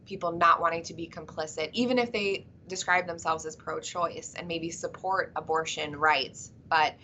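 A woman who is an advocacy group's communications executive, speaking as a guest in an interview in a measured, persuasive way. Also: fairly low pitch, fairly even intonation, pushed and bright, lo-fi sound, slight background noise. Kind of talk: interview answers.

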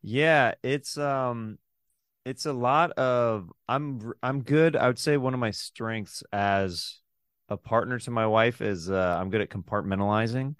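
A man's voice: mid-range voice, unhurried, fairly bright tone, smooth, dry recording, studio quality. A man in his thirties, a comedian guest in a casual interview, easygoing and self-deprecating.

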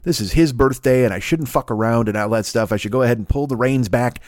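A man hosts a comedy podcast in a boastful, crude, mock-seductive monologue. His voice sits at a middling pitch and is recorded close and dry, with no room sound around it. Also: fast, a little mellow, no room sound. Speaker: podcast host.

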